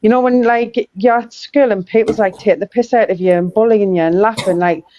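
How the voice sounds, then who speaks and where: A woman's voice: medium pitch, brisk, warm tone. A woman interviewing, speaking hesitantly with many restarts and fillers in casual chat. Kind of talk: casual chat on a live stream. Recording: dull lo-fi dry sound.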